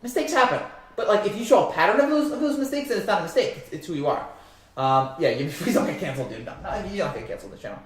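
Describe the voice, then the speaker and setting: A man's voice: high voice, lively intonation, quick pace, heavy reverb. A man from New Jersey hosting a live sports stream, rambling through viewer comments with lots of fillers and restarts.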